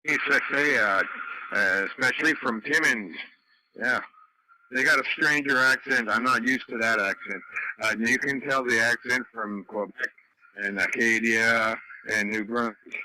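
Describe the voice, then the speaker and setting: A man in a chatty, storytelling mood on a radio net. His voice is bright and sharp, with faint hiss under it on the radio. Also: medium pitch, measured pace, low-quality recording. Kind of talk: casual radio chat.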